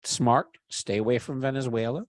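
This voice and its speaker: Animated swearing man telling a story. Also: medium pitch, normal speed, dry recording. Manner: animated, swears freely, acts out quotes loudly. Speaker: podcast storyteller. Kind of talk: casual storytelling chat.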